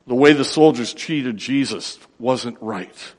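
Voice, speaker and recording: A man's voice: mid-range voice, takes it slowly. Preaching man in a reverberant hall. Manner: dramatic, swings from hushed to loud. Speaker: pastor. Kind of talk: sermon.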